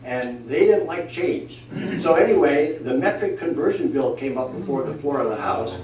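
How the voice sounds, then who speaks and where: An older man telling folksy, animated stories about his working life to a church class, acting out the voices of the people he quotes. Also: mid-range voice, normal speed. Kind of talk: anecdotal storytelling talk. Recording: echoey room from far off, dull lo-fi sound, faint noise.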